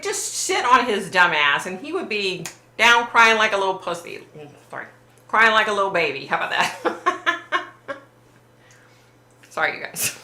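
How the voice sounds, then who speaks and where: A woman's voice: deep voice, sharp tone. A woman hosting a live stream, chatting casually, reading viewer comments and swearing bluntly with a giggle. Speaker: livestream host. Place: warm room under bright lights. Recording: roomy echo.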